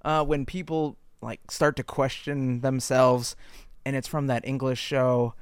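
A man co-hosting a casual comedic chat, cutting in with quick jokes and references. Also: mid-range voice, level tone, clear, resonant tone, dry recording, studio quality. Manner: quick joking interjections. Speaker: podcast co-host.

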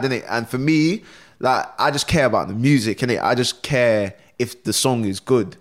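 A man's voice: medium pitch, lively intonation, normal speed. A young man, a rapper telling stories in a casual podcast interview, full of slang and acted-out quotes. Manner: laid-back slangy storytelling, acts out quotes. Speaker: rapper guest.

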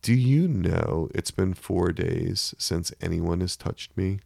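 A man voicing a lonely, grieving man who speaks in halting, quiet, sorrowful lines in a storybook reading. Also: low-pitched, creaky, no echo, studio quality, full character voice.

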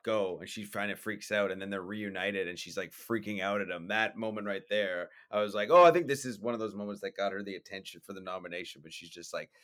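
A man co-hosting a podcast, talking about films in an animated way with lots of fillers, often acting out lines from scenes. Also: on the low side, fast talker, few pauses. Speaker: podcast co-host. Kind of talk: casual film discussion.

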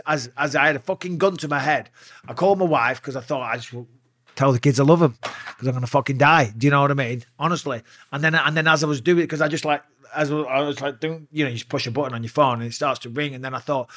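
Bright, profane man telling stories. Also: on the high side, dry recording, clean studio sound. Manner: profane, animated storyteller. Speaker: guest, retired fighter. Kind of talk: casual storytelling interview.

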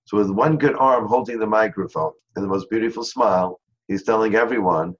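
A man guest in an interview, telling a story in an earnest way and slowing down on key phrases. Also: on the low side. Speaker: interview guest, charity founder. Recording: dull lo-fi sound.

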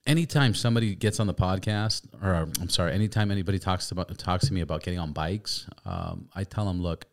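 A man hosting a podcast, chatting casually, swearing freely and telling animated stories. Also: deep voice, quick pace. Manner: profane, storytelling, animated. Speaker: podcast host. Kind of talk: casual chat.

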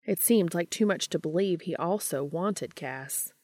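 A woman narrating a fan fiction audiobook in a calm, even storytelling manner. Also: lowish voice, measured pace, no echo, clean studio sound.

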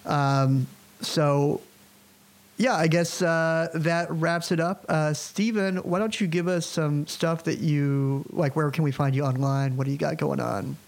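A man hosting a podcast and chatting in a relaxed, easygoing way. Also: a little high, measured pace, creaky. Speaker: podcast host. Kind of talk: casual chat.

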